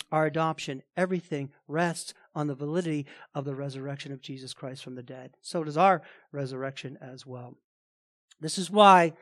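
A man preaching a sermon as pastor of a church, reading scripture and then preaching emphatically. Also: high voice. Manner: emphatic preaching with rising intensity; quiet reverent prayer.

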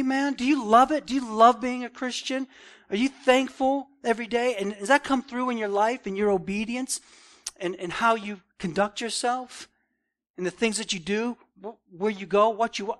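Man preaching, high voice, earnest, casual asides, leans hard into emphatic points. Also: a bit bright. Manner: earnest, repeats "man" and "right?", swells in emphasis. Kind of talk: expository Bible teaching.

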